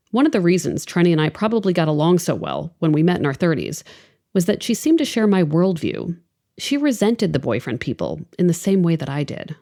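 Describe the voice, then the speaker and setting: A woman's voice: on the low side, dark tone. A woman in her forties hosting a podcast, narrating a scripted story in a wry, conversational way. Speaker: podcast host.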